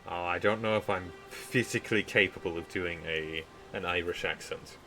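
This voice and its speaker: A tired man streaming a game live, reading a story draft aloud in a measured way and stumbling over words. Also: sits low, sharp tone, soft background music, poor audio.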